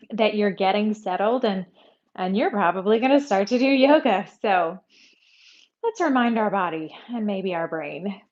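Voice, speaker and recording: Calm woman guiding a yoga class. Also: on the high side, lo-fi sound. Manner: calm, conversational, with breathy demonstration sounds. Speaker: yoga instructor. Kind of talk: guided yoga class instruction.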